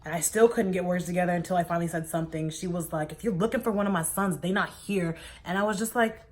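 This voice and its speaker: A young woman in her twenties telling a personal story to her viewers in a casual, animated way, often acting out what people said. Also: fairly low pitch, fast. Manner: animated, quotes people in her own voice, says "like" a lot. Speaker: vlogger.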